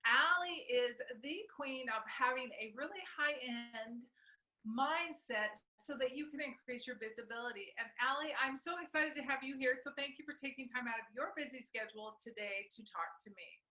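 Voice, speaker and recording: A woman hosting an interview podcast, warmly gushing about her guest. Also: sits high, moderate pace, rough recording. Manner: gushing, enthusiastic. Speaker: podcast host.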